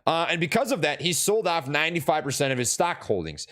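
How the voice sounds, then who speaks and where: Casting: young male streamer from Minnesota, slightly higher-pitched voice, rambling and casual, answers chat. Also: big pitch swings, quick pace, fairly bright tone. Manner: rambling, lots of fillers and restarts, answers chat. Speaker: stock market streamer.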